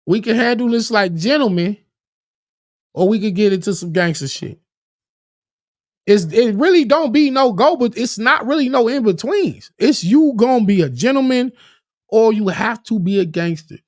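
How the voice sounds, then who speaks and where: A man giving casual livestream commentary on battle rap, animated and profane, often restarting his words and acting out quoted arguments. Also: high-pitched, moderate pace, dry recording, studio quality. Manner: acts out quoted arguments in a raised voice.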